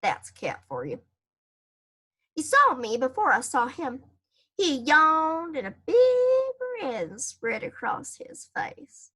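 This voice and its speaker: A woman reads a children's chapter book aloud in first person. Her bright voice swings widely in pitch. She drops into casual asides to the listener between passages. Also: huge pitch swings, slow pace, breathy edge. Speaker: storybook reader.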